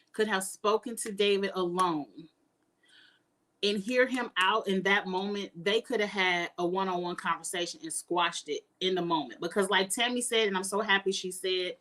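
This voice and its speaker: A woman's voice: mid-range voice, pushed and bright. A woman giving outspoken, emphatic casual commentary as a reality TV reviewer.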